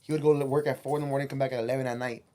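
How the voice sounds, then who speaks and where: A man's voice: mid-range voice, little pitch movement, racing, warm tone. A man, a musician guest on a podcast, telling a rambling, profane story and slipping Spanish phrases into his English.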